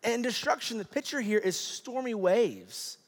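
A man's voice: extremely high pitch, expressive, unhurried. A male pastor preaching a sermon in a conversational, storytelling way with many fillers. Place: large church hall. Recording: reverberant church hall.

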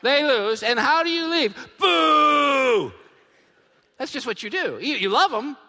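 A man in his fifties preaching a sermon as pastor, emphatic and animated, dropping to a hush and then bursting out loud. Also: very high voice, fairly quick. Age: 50s. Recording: long hall reverb.

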